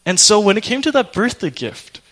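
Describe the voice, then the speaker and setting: A young man preaching a sermon, telling an emotional personal story in an animated way. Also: high voice, brisk.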